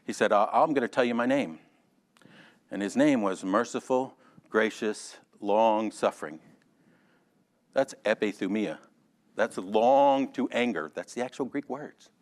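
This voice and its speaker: A man teaching a Sunday school Bible lesson in a lively, conversational way, calling on class members by name and joking along the way. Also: lowish voice, measured pace, pauses often. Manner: animated, addresses class members by name, jokes.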